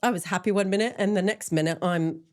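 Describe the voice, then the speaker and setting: A woman's voice: medium pitch, quick pace, darkish tone. A middle-aged woman speaking openly in an interview, with frequent ums and laughing at herself as she talks. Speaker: interview guest, menopause support group founder. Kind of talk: candid conversational interview.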